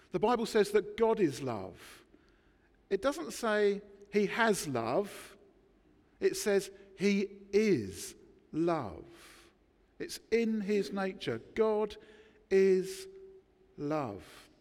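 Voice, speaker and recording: A man preaching a sermon, emphatic, with dramatic pauses between words. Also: high-pitched, darkish tone, long reverb tail. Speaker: pastor. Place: church.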